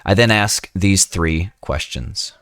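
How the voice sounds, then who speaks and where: A man's voice: low voice, animated, slow, fairly bright tone, no room sound, studio quality. A man giving a recorded lecture as an EMS instructor, talking in a conversational way with frequent "right?" asides and self-corrections.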